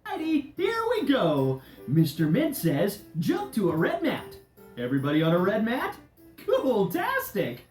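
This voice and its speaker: In this children's DVD game, a woman gives voice to a cheerful, friendly male candy leader playing follow-the-leader with children. Her mid-range, slightly mellow voice swoops wildly and stays unhurried as she playfully, bouncily coaxes the kids. Roomy echo and music fill the background.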